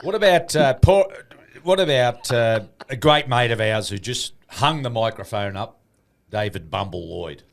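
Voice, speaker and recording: A man's voice: medium pitch, expressive, measured pace, creaky. An Australian man co-hosting a podcast, with teasing wisecracks. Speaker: podcast co-host. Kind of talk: casual chat.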